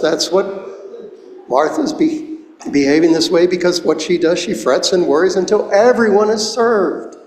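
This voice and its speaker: A man in his seventies preaching a sermon as pastor, explaining words slowly and deliberately, recorded in a church sanctuary. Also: sits high. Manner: slow, deliberate, explains Greek words one at a time. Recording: echoey church hall, long reverb.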